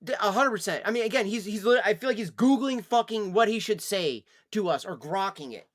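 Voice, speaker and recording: A man on a casual live stream, scolding someone in profane rants that swing from low, weary sighs to loud yelling. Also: lively intonation, a little fast.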